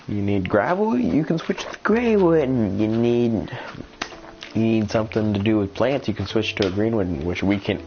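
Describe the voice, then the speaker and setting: A man talking through his gameplay as a channel host, rambling and thinking aloud with many ums and restarts, sounding congested and a little rough. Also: on the low side. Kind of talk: casual gameplay commentary. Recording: slightly dull lo-fi sound with faint noise.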